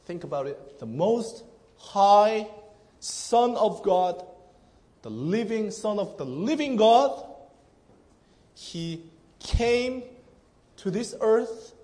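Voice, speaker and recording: High-voiced, slow-preaching male pastor. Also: warm tone. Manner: earnest, emphatic preaching with frequent restarts. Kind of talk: sermon.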